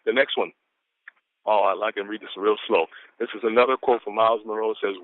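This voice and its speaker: Calling in from Atlanta, Georgia, a man reads the quotes of the day on a motivational conference call, exuberant and preachy, whooping and repeating lines. His voice is fairly low with a flat delivery, and he talks fast. The dry recording comes over a phone line.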